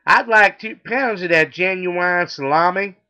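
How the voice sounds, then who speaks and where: A man's voice: sits high, measured pace, pushed and bright, pitched above the performer's own voice. A man putting on the voice of a stubborn, blustery Texan customer with a Southern drawl. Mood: blustery insistent. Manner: insistent, folksy drawl.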